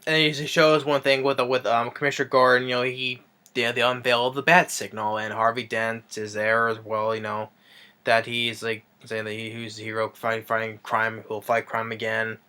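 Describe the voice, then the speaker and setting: A man's voice: mid-range voice, level tone, normal speed, bright, forceful tone, clear, resonant tone. A man casually recapping a movie as a reviewer, rambling with lots of fillers and restarts.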